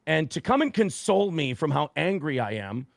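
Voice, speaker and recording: A man casually telling a profane, animated story on a podcast, acting out quotes. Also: on the high side, normal speed, creaky, no room sound. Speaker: guest storyteller.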